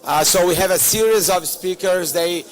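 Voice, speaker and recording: High-voiced joking conference host man. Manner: playful, joking, halting restarts. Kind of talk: live conference emcee.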